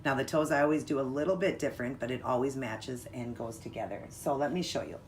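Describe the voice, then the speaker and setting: A woman's voice: extremely low pitch, fast talker, slight background noise. A woman hosting her own nail art channel, talking through a tutorial in a chatty, upbeat way and explaining each step. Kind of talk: casual tutorial chat.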